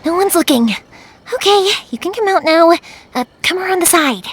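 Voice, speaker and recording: A bright, lively young fireworks maker. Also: female voice, very high-pitched, normal speed, a little hiss or hum. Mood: warm. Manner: bright and energetic, patient with her father. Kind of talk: video game dub.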